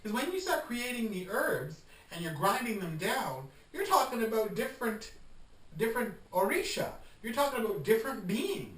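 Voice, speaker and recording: A man's voice: high-pitched, very animated, normal speed, a bit bright. A man hosting a home vlog, demonstrating and explaining in a chatty, coaxing manner and calling viewers darling. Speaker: host demonstrating incense making. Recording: roomy sound, mic at a distance.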